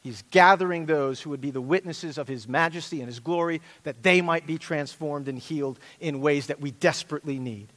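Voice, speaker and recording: A man's voice: fairly high pitch, a little fast, hardly any pauses, fairly bright tone. A middle-aged male pastor preaching an earnest, emphatic sermon with repeated phrases. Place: church sanctuary. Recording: long hall reverb.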